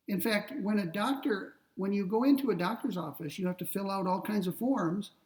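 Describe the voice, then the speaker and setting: A man lecturing on ethics, explaining step by step in a deliberate way and slowing down to read quoted passages. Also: high voice, distant mic, low-quality recording. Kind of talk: classroom lecture.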